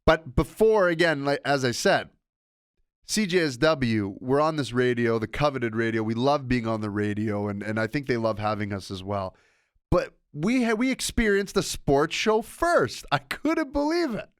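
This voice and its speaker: A man's voice: mid-range voice, expressive, moderate pace, clean tone, no echo, studio quality. A man hosting a sports podcast alone, talking in a rambling, self-interrupting, casual way. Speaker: podcast host. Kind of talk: casual solo podcast monologue.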